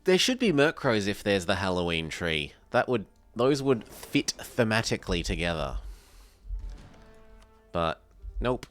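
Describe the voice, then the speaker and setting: An Australian man from South Australia casually streams a strategy game, thinking aloud and answering viewers. His lowish, slightly bright voice swings widely in pitch at an unhurried pace, with faint music behind him.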